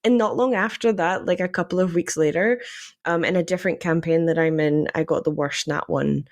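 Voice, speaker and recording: A young Scottish woman telling lively stories about her tabletop game characters in casual chat, laughing often. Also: on the low side, fairly quick. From Scotland. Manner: animated, laughs often, many fillers. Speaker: podcast guest, D&D player.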